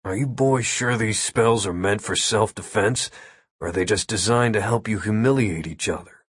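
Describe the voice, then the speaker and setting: A man voicing a dry, skeptical wizard who asks wry, quick questions. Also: lowish voice, breathy edge, dry recording.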